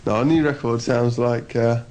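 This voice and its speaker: A man's voice: medium pitch, fairly even intonation, moderate pace, a little mellow. A young man in his twenties with a mid-range voice, cracking playful, self-mocking jokes about his band. He talks in a loose, teasing way over a faint background hiss. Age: 20s. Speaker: band member. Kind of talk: casual interview chat.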